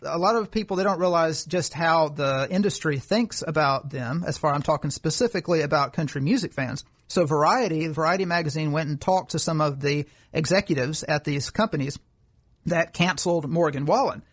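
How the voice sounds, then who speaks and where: A man's voice: fairly high pitch, a little fast. A man co-hosting a political commentary podcast, explaining his views at length in an argumentative way. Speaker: podcast co-host.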